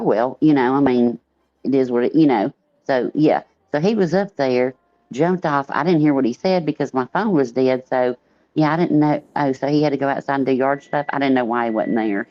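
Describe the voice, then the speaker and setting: A woman's voice: low-pitched, darkish tone. A woman with a Southern accent, chatting loosely and repeating herself as a guest on a livestream panel. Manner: rambling, repeats herself, says y'all. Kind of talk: casual livestream panel chat. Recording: muffled, dry online call audio.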